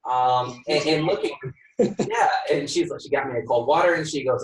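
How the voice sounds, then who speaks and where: A home inspector being interviewed tells his stories with energy, slipping into the voices of the people he quotes and laughing along the way. His voice is of ordinary pitch for a man. It reaches the listener from a mic set well back, in a room that echoes. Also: normal speed. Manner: lively storyteller who acts out quoted dialogue and laughs often. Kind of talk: podcast interview storytelling. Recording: roomy sound from a distant mic.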